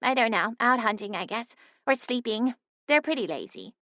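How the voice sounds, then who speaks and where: A woman's voice: on the high side, expressive, moderate pace, pushed and bright, dry recording, pitched above the performer's own voice. Woman putting on a cute little cat girl. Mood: eager. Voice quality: small, cute voice. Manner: eager, proud chatter. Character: small cute young female black cat, chatty. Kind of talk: audiobook narration.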